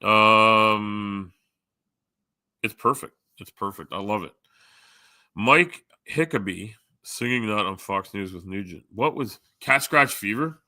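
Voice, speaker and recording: A man's voice: lowish voice, slow pace, sharp tone, dry recording, studio quality. A Canadian man hosting a live stream, chatting casually with viewers in a rambling, joking, profane way. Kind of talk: casual chat reading viewer comments.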